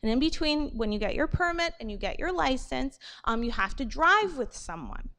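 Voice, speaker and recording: A woman from New giving a morning assembly talk to students, animated and checking in with "okay?" and "right?" after her points. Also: sits high, moderate pace. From New York. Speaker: school assembly speaker.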